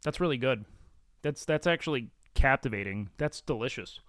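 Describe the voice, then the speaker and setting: A man's voice: mid-range voice, lively intonation, moderate pace, fairly bright tone, dry recording. A man hosting a livestream, chatting casually and reading chat in a blunt, profane, self-mocking way. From Mexican and Salvadoran heritage. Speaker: livestream host.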